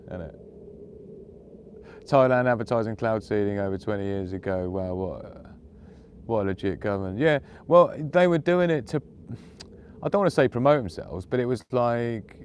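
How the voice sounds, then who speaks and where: A man's voice: fairly low pitch, a little mellow, a little hiss or hum. A man live-streaming casual chat outdoors in the woods at night, laughing often and cooing at his dog. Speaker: prepper vlogger.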